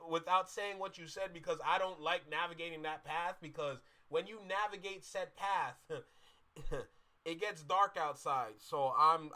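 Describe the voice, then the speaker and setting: A man hosting a reaction video, talking casually and swinging from loud outbursts to low mutters.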